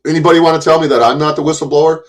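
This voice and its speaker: A man's voice: a little high, steady tone, very fast, rough recording. A middle-aged man delivering an angry, profane rant to the camera as a YouTube commentator, taunting his targets, swearing heavily and stumbling over repeated words. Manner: confrontational, taunting, swears heavily, stammers on restarts.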